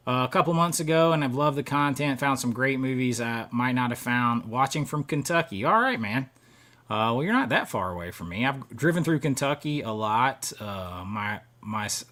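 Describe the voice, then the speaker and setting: A middle-aged man with a bright, forward voice at an ordinary pitch hosts a live stream. He talks in a loose, rambling way, restarting sentences and chuckling often as he answers viewer comments. His delivery stays casual and chatty.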